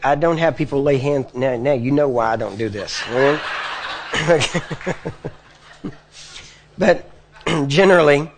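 Preacher talking plainly to his audience. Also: medium pitch. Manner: conversational, checks in with the crowd often. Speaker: preacher teaching healing prayer. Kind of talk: sermon. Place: church or meeting hall before a live audience.

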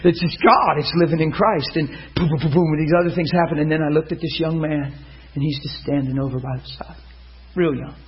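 A preacher with a fairly high voice tells a sermon story. He acts out the people he quotes and sinks into soft, hushed stretches. The recording sounds dull and lo-fi. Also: brisk.

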